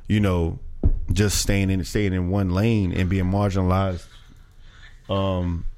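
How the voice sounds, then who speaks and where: A relaxed man with a fairly low voice chats on a podcast. He talks loosely and drifts between thoughts, restarting his sentences and dropping in slang. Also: slow pace. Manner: laid-back, rambling with many restarts and slang. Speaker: podcast co-host and event organizer. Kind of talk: casual podcast chat.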